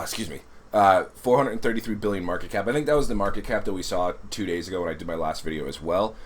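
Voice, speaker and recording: A man with a very low voice talks through his vlog in a chatty, rambling way. He sounds under the weather with a cold, and a faint hum of noise sits behind him. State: sick with a cold. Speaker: crypto vlogger. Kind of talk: casual vlog commentary.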